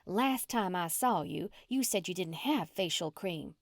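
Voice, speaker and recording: Woman doing a bossy Southern lady, shrill demands, pushy customer, audiobook voice, dry close sound. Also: expressive, measured pace, no room sound. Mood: eager. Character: pushy loud plump middle-aged woman customer.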